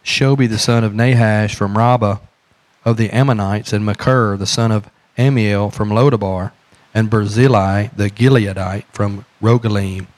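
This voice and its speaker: A man's voice: on the low side, steady tone, moderate pace, a little mellow. Southern pastor preaching to his flock. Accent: Southern American. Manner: asks the congregation questions, repeats phrases. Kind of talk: sermon.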